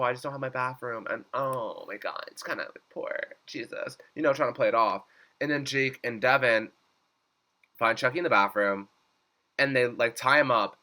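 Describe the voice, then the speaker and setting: A young man with a very bright, forceful voice recaps a TV episode in a loose, chatty way. He leans on "like" constantly and swoops up high when he acts out what the characters said. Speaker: reaction vlogger.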